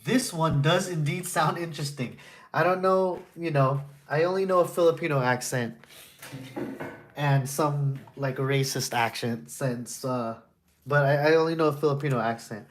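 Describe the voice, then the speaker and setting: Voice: mid-range voice, fairly even intonation, moderate pace, slight background noise. Casual puzzle-walkthrough streamer: rambling, goofy, jokey, reads game text aloud. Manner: goofy, rambling, crude wordplay jokes.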